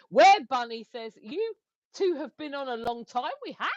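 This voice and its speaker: A woman's voice: sits high, expressive, moderate pace, no room sound. An English woman with a slightly posh accent, co-hosting a livestream in casual chat, reading out viewer comments with a playful, teasing manner. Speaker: livestream co-host. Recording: dry, slightly dull lo-fi stream audio.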